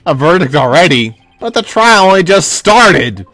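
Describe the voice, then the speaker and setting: A man's voice: on the high side, very animated, normal speed, pushed and bright, voice pushed up, exaggerated voice. A man voicing a confident young male lawyer with a wry, matter-of-fact delivery, in a game playthrough.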